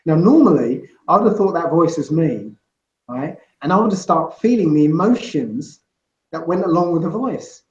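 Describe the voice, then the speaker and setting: Rambling male guest, slightly high voice, echoey and dull lo-fi recording. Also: lively intonation, normal speed, a little mellow. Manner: rambling, full of "you know" and "right?". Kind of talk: casual interview chat. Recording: roomy, muffled lo-fi sound.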